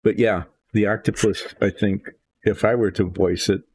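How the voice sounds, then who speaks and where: A man hosting a relaxed miniature painting session, rambling in a self-deprecating, indecisive way. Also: fairly low pitch, moderate pace, breathy edge. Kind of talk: relaxed hobby chat while painting.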